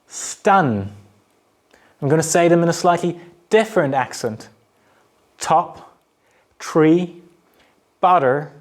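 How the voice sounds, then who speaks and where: A male university lecturer talks through his material in a measured, explanatory way. His voice sits a little higher than most men's, and he stops now and then to sound out example words clearly. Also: a little mellow. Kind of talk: recorded lecture narration.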